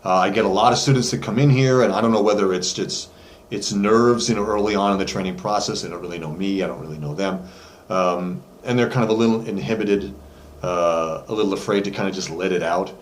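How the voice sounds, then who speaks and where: A deep-voiced vocal coach talks fairly quickly while giving a relaxed lesson to camera from his studio. Chatty and full of fillers, he sings notes to demonstrate, and the echoey room carries faint background noise.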